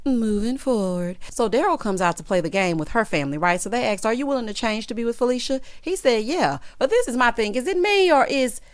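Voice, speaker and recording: A woman from the American South with a Southern accent, casually recapping a reality show in a sassy, expressive way. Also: fairly high pitch, dry recording. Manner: sassy, expressive, quick to react with laughter and asides.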